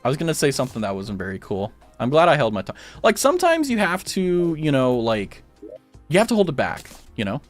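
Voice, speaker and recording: Animated, chatty young male streamer. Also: fairly high pitch, fairly quick, soft background music. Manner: rambling, self-mocking jokes, chatty with viewers. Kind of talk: casual chat while gaming.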